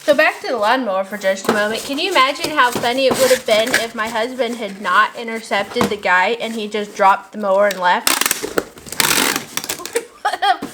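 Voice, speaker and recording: A woman's voice: on the high side, fairly quick, few pauses. A woman in her thirties packing shop orders while telling rambling stories and laughing often. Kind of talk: chatty vlog while packing. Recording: noticeable background noise and crinkling packaging.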